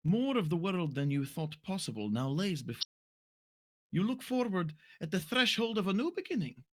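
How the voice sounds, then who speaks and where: A man voicing a mysterious female fortune teller reading tarot cards, slow and portentous. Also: high-pitched, very animated, voice pushed up. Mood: solemn. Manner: slow, solemn, portentous delivery.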